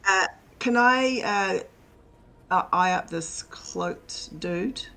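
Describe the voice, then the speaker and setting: A woman's voice: medium pitch, drawn-out words, a bit bright. A woman playing a character in a tabletop game, hesitant and playful, laughing often. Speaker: player. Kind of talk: casual tabletop play.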